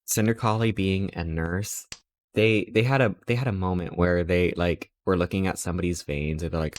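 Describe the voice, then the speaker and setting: A man's voice: sits low, brisk, no echo. A man streaming live, telling stories in a rambling, playful way and acting out quotes. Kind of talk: casual chat while streaming.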